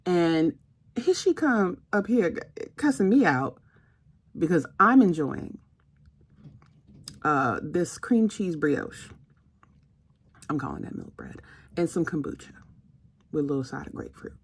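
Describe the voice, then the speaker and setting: A woman's voice: on the low side, very animated, measured pace, pauses often, slight background noise. A woman vlogging casually, chatty and laughing, who breaks off to tease her dog in a playful scolding voice;. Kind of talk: casual vlog chat.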